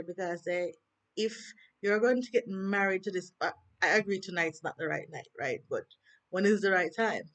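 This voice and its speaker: Jamaican woman vlogger, chatty and animated, leans on rhetorical questions, recorded on a handheld phone. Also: mid-range voice, normal speed. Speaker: TV review vlogger. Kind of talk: casual chat.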